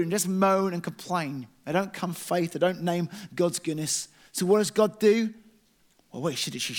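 A young man preaching a sermon in earnest, telling self-deprecating stories with animation. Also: on the high side.

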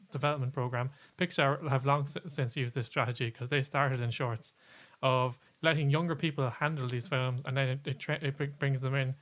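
A man's voice: mid-range voice, fairly bright tone. Man, podcast co-host, casual and explanatory, filler-heavy delivery. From Ireland. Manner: chatty, explanatory, with many fillers and restarts.

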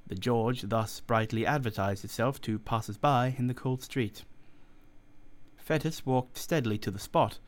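A man reading a story aloud in a measured, deliberate narration. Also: mid-range voice. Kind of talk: scripted audiobook narration.

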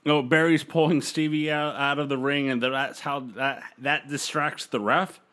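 A man's voice: a little high, fairly even intonation, normal speed, fairly bright tone, clear, resonant tone. A man casually recapping a wrestling show on a podcast, rambling with fillers. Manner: loose, rambling recap with fillers and quoted voices. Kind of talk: casual chat, play-by-play recap.

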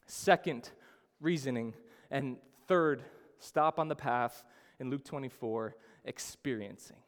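A man preaching a sermon as a pastor, telling the story with sudden rises in pitch and volume. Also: slow, clean tone. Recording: long hall reverb.

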